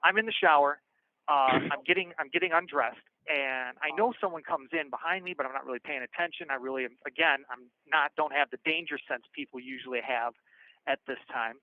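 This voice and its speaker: A man frankly telling stories from his past over a phone call, animated and acting out the voices of the people in them. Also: fairly high pitch, brisk. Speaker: guest storyteller. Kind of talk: casual storytelling on a call. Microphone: prison phone. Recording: tinny phone line.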